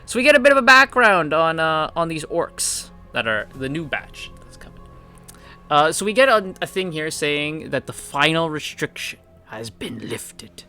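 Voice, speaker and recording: A young man casually recapping comic chapters as a reviewer, animated and full of fillers, swinging his pitch as he acts out what characters say. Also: moderate pace, soft background music. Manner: animated retelling with frequent fillers, acting out quotes in different pitches. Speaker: manhwa reviewer.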